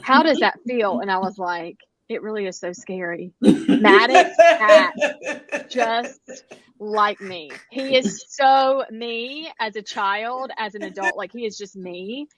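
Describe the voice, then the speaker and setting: A woman, co-hosting a casual chat and telling animated stories with lots of quoted dialogue. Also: medium pitch, slow, no echo. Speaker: podcast co-host.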